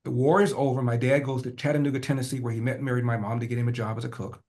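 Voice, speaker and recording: An older man, a podcast guest, telling a personal family story with animated, rhythmic repetition. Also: mid-range voice, rapid-fire. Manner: acts out family dialogue in changing voices.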